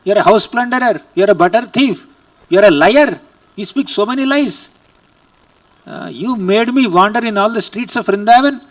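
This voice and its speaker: A man voicing a devoted, exasperated mother who scolds her child in a rapid list of accusations. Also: sits high, far from the mic, pitched above the performer's own voice. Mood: scolding.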